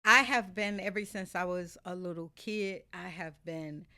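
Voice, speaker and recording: A woman's voice: lowish voice, measured pace, sharp tone. A woman guest telling a story from her own life in an emphatic, confiding way, repeating herself for emphasis. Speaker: podcast guest, salon founder. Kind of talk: animated personal storytelling.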